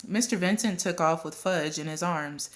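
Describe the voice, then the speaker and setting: A woman reading a children's novel aloud at a steady pace, with occasional coughs and restarts. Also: fairly low pitch, normal speed. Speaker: audiobook reader.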